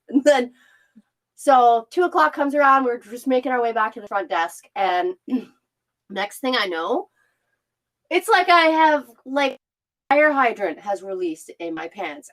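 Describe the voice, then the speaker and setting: A woman's voice: a little high, a bit bright, rough recording. A young woman co-hosting a podcast, telling a story in casual chat, candid and swearing freely with bursts of laughter. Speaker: podcast co-host.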